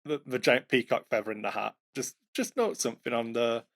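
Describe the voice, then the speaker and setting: A man's voice: medium pitch, animated, brisk, a bit bright. A man co-hosting a podcast, chatting casually about running tabletop games, self-mocking, with fillers and false starts. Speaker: podcast co-host, game master.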